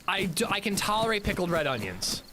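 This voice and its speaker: A man's voice: high voice, very animated, a little fast, background noise. A man chatting casually while livestreaming a video game, rambling and self-mocking. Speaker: game streamer.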